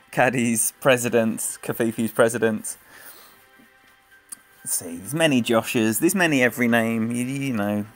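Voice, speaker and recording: A man giving live gameplay commentary and chatting with his viewers by name, laughing easily. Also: mid-range voice. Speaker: game streamer. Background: faint game music.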